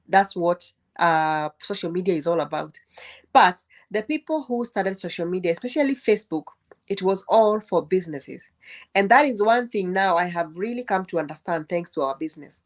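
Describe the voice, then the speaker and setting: A woman sharing her experience on a group call, thoughtful and asking rhetorical questions with a few false starts. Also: mid-range voice. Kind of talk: casual group chat.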